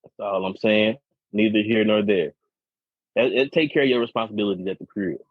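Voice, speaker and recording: Speaking fairly quickly in a steady, fairly low voice, a man co-hosting a relaxed podcast tells a long story full of profanity and repeated words. There is no echo, and the podcast audio is dull and lo-fi.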